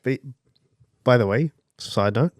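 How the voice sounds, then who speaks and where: A man co-hosting a casual podcast, relaxed and quick to laugh, with some hesitant fillers. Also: medium pitch, dry recording, clean studio sound. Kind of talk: casual chat.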